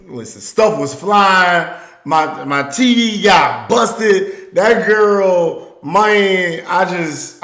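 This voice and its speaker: A man from the American South tells a personal story, swinging between quiet reflection and loud, forceful bursts. His voice sits fairly high, and the recording has a lot of reverb.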